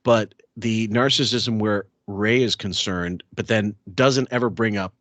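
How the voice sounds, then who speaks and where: A man's voice: fairly low pitch, unhurried, a bit bright, no room sound. A man hosting a podcast in casual chat, rambling and swearing, with many fillers and restarts. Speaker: podcast host.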